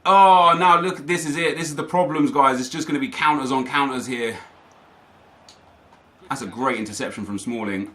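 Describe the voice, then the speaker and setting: A man's voice: mid-range voice, steady tone, a little fast, pauses often, sharp tone. Frustrated young man commentating his gameplay. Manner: frustrated, ranting, talking to viewers. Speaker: gaming YouTuber.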